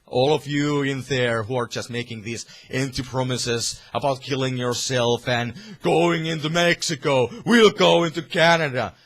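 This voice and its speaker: A man's voice: mid-range voice, a little slow, few pauses, fairly bright tone. A man from Finland with a Finnish accent, delivering a heated, profane political rant to camera with many restarts. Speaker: vlogger.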